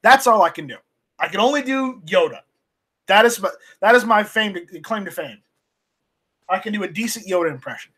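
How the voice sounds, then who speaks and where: A man hosting a casual live stream off camera, reading viewer chat aloud and talking in a halting, rambling way with many restarts. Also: sits high, expressive, pushed and bright, breathy edge. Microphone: home streaming mic, voice only, off camera.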